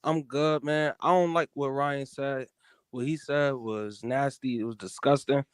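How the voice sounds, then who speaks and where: A man's voice: mid-range voice, steady tone, measured pace, clear, resonant tone, dry recording. Heated male caller, dry sound. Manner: heated, repeats "you feel me". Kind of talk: heated call-in chat.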